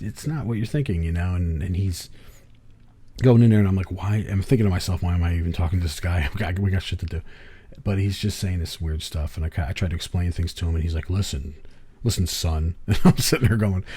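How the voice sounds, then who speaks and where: Man from the US East Coast, middle-aged, deep mellow voice, podcast host with loose, profane storytelling. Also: fast talker, breathy edge. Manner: rambling storyteller, swears, laughs often. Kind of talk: casual chat.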